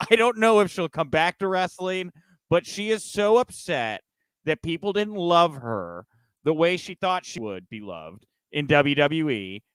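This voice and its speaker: A man holds forth on a news podcast in a fairly high voice, fired up and emphatic. The sound is close and dry, with no room around it. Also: smooth, no echo. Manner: emphatic, animated ranting. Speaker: podcast co-host. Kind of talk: casual news chat.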